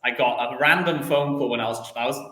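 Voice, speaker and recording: A man's voice: medium pitch, fast, bright, forceful tone, reverberant, low-quality recording. A young man, a footballer guest, telling stories in a casual chatty interview, rambling with lots of restarts and fillers.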